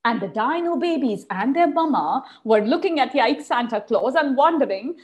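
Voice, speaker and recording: Expressive woman teacher telling kids a story. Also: sits high, a little slow. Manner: expressive, sing-song, asking children questions. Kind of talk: animated storytelling for young children.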